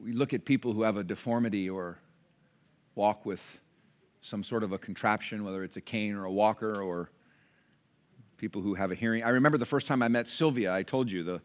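A fairly quick male voice on the low side preaches from a church pulpit, though the recording is muffled. The pastor tells animated stories and performs the voices of the people in them, heard through a pulpit mic in the sanctuary.

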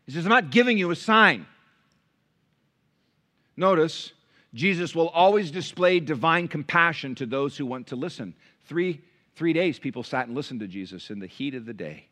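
A man preaching a sermon to a church congregation as pastor, animated, swinging between loud emphasis and hushed low passages. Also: moderate pace.

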